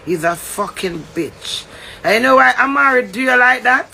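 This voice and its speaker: A man's voice: very high voice, lively intonation, moderate pace, creaky, sharp tone. A man with a Jamaican accent delivering a heated, confrontational rant, swearing and lecturing.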